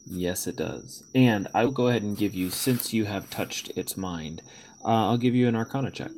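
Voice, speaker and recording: A man acting as game master of a tabletop game, talking through the rules in a measured way with hesitant fillers. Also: on the low side, noisy background.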